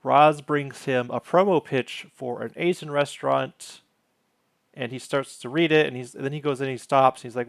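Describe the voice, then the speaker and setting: A man's voice: medium pitch, steady tone, moderate pace, gravelly, dry recording, studio quality. A man hosting his own channel, casually recapping a sitcom episode, wandering off on tangents and correcting himself as he goes.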